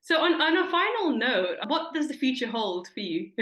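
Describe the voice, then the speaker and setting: A woman's voice: high voice, big pitch swings, moderate pace, a bit bright, roomy sound. A woman hosting an interview, talking in an enthusiastic, chatty way with many fillers and restarts. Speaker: interviewer host. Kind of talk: casual interview.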